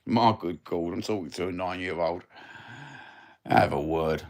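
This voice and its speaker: A man's voice: low voice, measured pace. A middle-aged man with a Cockney accent, rambling cheekily and swearing freely while chatting on a live stream. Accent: Cockney London. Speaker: livestream host. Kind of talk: casual live-stream chat.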